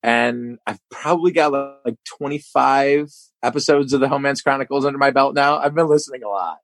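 A man hosting a podcast, eager and encouraging, quick to laugh with his guests. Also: medium pitch, creaky, fairly bright tone, dry recording. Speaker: podcast host. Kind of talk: casual interview chat.

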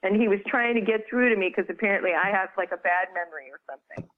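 A woman's voice: medium pitch, fast talker. A woman, an author, retells a personal story in a loose, chatty interview voice. She restarts often and peppers it with "you know." Her voice comes through a thin, phone-like line. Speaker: author and guest.

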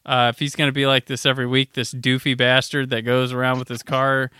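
A man co-hosting a podcast, relaxed and rambling as he recaps the episode. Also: mid-range voice, fairly quick, clean tone, no room sound, clean studio sound. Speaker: podcast co-host. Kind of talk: casual chat.

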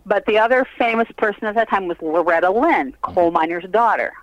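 A woman's voice: mid-range voice, a little fast, lo-fi sound. An older woman telling funny stories in a casual interview, laughing often as she talks. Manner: lively, laughing storyteller. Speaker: guest, host's mother.

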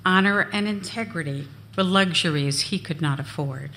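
A woman giving a live memoir reading on stage, expressive and unhurried. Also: on the low side. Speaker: storyteller. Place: on stage at a venue.

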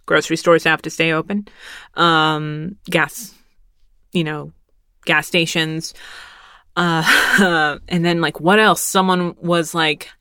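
A woman's voice: sits low, fairly even intonation, slow pace, bright, forceful tone, clean tone, no echo, clean studio sound. A woman in her thirties from Texas telling a rambling, wry story in casual monologue, swearing lightly and laughing as she goes. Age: 30s.

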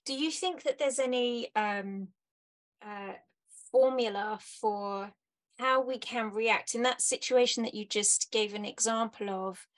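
A woman's voice: a little high, a little slow. A woman hosting an interview, attentive and affirming, asking thoughtful questions. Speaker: podcast host.

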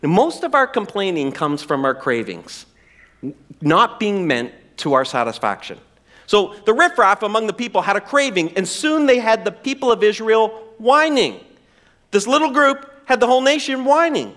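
Male pastor, high and lively voice, preaching with playful energy. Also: normal speed. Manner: animated, acts out whiny voices for effect. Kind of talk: sermon.

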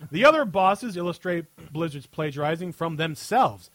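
A man's voice: a little high, expressive, moderate pace, fairly bright tone, no echo. A man hosting a podcast, reading a satirical article aloud in a sarcastic tone and often breaking into laughter. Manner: reads with frequent laughter, sarcastic. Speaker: podcast host.

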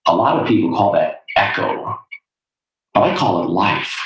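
A calm, wise father explaining a life lesson to his son in a patient, teaching tone, as a man acts him out in a story. The low voice echoes in a roomy space, a little distant from the mic. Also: moderate pace, dull audio, faint music behind, close to an everyday voice. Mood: gentle, instructive. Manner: patient, instructive.

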